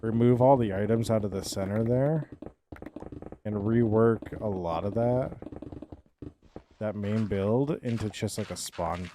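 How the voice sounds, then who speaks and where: A man's voice: lowish voice, a little slow, long pauses, background noise. A young man streaming live, chatting casually with viewers and thinking aloud in a loose, rambling way that often trails off.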